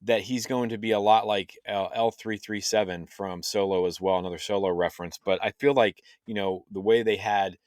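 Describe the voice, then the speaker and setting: A man with a low voice chats animatedly on a fan podcast, now and then jumping up high to act out a scene. The sound is dry and close, with no room around him. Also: normal speed, hardly any pauses, dry recording. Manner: animated, acts out character lines in a high voice. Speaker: podcast co-host. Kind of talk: casual fan chat.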